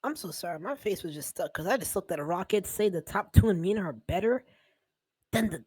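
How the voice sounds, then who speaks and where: A woman's voice: lowish voice, expressive, fairly quick, a little mellow, slightly rough, dry recording. A woman hosting a casual podcast chat, a caster who talks passionately and laughs often. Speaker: podcast host and esports caster.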